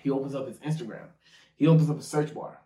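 A man's voice: mid-range voice, fairly even intonation, quick pace, mellow, far from the mic. A man telling a wild night-out story in casual chat, laughing and acting out his friends' lines. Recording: roomy and a bit off-mic.

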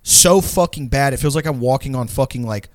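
A man's voice: mid-range voice, brisk, no room sound, clean studio sound. Profane, rambling young man. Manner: profane, rambling, animated storytelling. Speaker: storyteller in a group chat. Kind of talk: casual chat.

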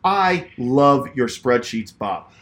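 A man co-hosting a casual comedy podcast, exasperated and profane, often sinking into hushed mutters. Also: mid-range voice, lively intonation, takes it slowly. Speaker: podcast co-host.

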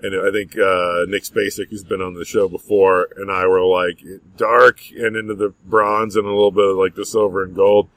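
A man's voice: sits low, little pitch movement, normal speed, few pauses, a bit bright. A man in his forties co-hosting a podcast, talking in an easygoing, reflective way, hedging with "like". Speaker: podcast co-host. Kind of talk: casual chat.

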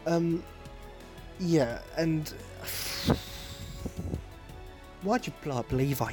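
A young man hosting a podcast, rambling in a casual monologue, excitable and sweary with self-mocking jokes. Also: fairly high pitch, extremely slow, long pauses, over music. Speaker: podcast host.

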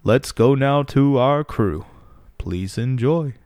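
A man's voice: medium pitch, lively intonation, slow pace, a little mellow, no room sound, clean studio sound. A man doing a pompous TV show host. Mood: grand. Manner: announcer-like, formal. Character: smooth, pompous male TV documentary host.

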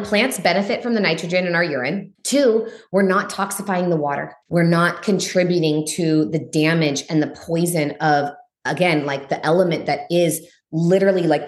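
A woman guest on a podcast, talking bluntly and emphatically, swearing freely and saying "like" a lot. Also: roomy sound. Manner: frank and blunt, swears freely, uses lots of "like"; emphatic, voice jumps high for stress. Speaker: guest, spiritual teacher. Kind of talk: candid podcast conversation.

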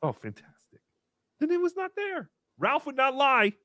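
A man in his thirties hosting a livestream, reading donations and joking around in a casual, animated way. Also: very high voice, moderate pace, dry recording, studio quality. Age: 30s. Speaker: livestream host.

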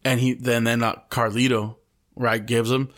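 A man's voice: medium pitch, little pitch movement, moderate pace, fairly bright tone. A young man co-hosting a podcast, telling long profane stories in a slangy, casual way and dropping Spanish slang into his English. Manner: profane, slangy storytelling full of "bro". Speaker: podcast co-host. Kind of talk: casual chat.

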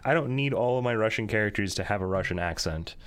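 A man chatting casually about a video game, thoughtful and measured, laughing at himself now and then. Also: fairly low pitch, a bit bright. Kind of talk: casual gaming chat.

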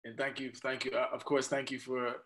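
A man chats on a video call in a relaxed, quiet way, laughing often. His voice has an ordinary middle pitch for a man. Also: brisk, slight background noise. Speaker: guest. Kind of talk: casual video call chat.

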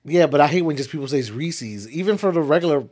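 A young man co-hosting a casual chat, animated and profane, ranting with mock voices. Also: on the high side, fast talker.

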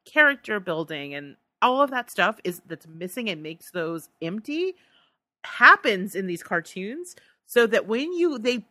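A woman's voice: medium pitch, big pitch swings, a little slow, pushed and bright, no echo. A woman co-hosting a podcast in casual chat, reading listener answers aloud and laughing often. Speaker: podcast co-host.

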